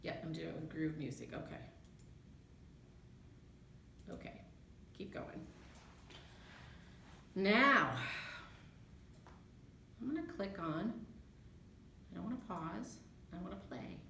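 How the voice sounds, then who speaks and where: A woman's voice: lowish voice, expressive, unhurried, gravelly, pauses often, pushed and bright, a little hiss or hum. A woman librarian giving a chatty screen-share tutorial, thinking aloud as she clicks through a research tool. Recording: echoey room.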